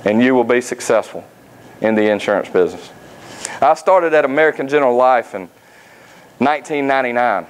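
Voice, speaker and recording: A man, giving a motivational speech at a sales academy. He tells folksy personal stories and pauses often on "uh.". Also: mid-range voice, animated, rough recording. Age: 30s. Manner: folksy, anecdotal, frequent "uh" fillers.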